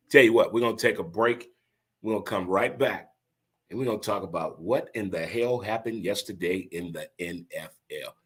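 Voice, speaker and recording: A man's voice: on the low side, normal speed, a bit bright, slightly rough. A man hosting his own podcast, riffing in a folksy, catchphrase-heavy way and talking straight to his listeners. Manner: folksy, repeats catchphrases, addresses listeners directly. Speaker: podcast host. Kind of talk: casual talk show monologue.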